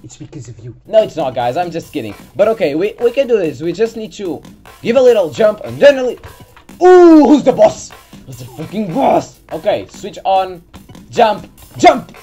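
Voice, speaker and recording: A woman's voice: on the low side, sing-song, moderate pace, warm tone. Exasperated woman scolding a game character. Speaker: gaming channel host. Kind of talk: let's play commentary. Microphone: desk mic near keyboard. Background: faint game music.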